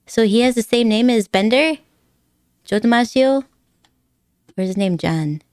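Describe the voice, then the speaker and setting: A woman's voice: fairly high pitch, expressive, measured pace, a little mellow, smooth, no echo, clean studio sound. A woman live streamer chatting casually with her viewers, rambling and giggly, laughing often and teasing her chat playfully.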